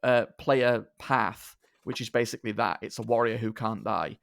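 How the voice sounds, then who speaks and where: A man's voice: lowish voice, moderate pace, gravelly. A man hosting a podcast, talking politely and a little hesitantly with many fillers as he wraps up the episode. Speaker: podcast host. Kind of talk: casual podcast sign-off.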